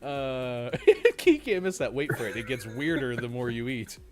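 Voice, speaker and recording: A man's voice: mid-range voice, very animated, unhurried, soft background music. A man hosting a live gaming morning show, teasing his co-host and laughing often in casual banter.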